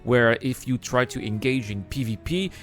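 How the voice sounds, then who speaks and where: Male video narrator, mid pitch, even and explanatory, faint music underneath. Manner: measured and explanatory, steadily makes his case.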